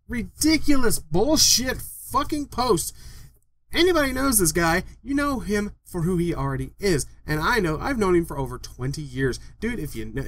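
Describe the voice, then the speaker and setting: A man's voice: sits high, a bit bright. A young man vlogging an angry, profane rant, repeating himself as he vents. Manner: heated, profane, repetitive ranting.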